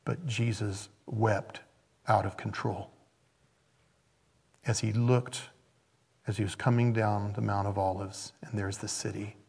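A man preaching a sermon as a pastor, in a conversational way that swings between emphatic bursts and hushed, quiet asides. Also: lowish voice, flat delivery, a little slow, vocal fry, pauses often, husky.

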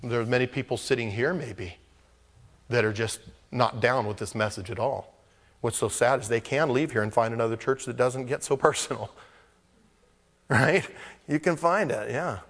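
Man, pastor, sermon, animated preaching, loud bursts and soft asides, long church-hall reverb. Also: mid-range voice, moderate pace. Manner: animated preaching, swinging between loud exclamations and hushed asides.

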